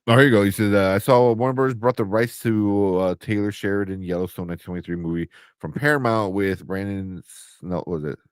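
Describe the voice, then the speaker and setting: A man's voice: on the low side, a little fast, clean tone, no echo, studio quality. A man co-hosting a live entertainment news show, chatting casually and laughing as he reads out viewer comments. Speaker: podcast co-host. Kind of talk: casual chat.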